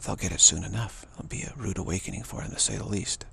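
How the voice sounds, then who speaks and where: A man's voice: fast, creaky, fairly bright tone, slight background noise. A man giving a rambling spiritual talk, repeating himself and stammering on restarts. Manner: mocking high voices for quoted people. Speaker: spiritual teacher.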